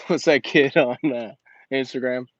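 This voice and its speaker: A man's voice: mid-range voice, fairly even intonation, unhurried, dry recording, highs cut off. A man hosting a casual livestream Q&A and coaching business owners in slangy, emphatic talk that repeats his points.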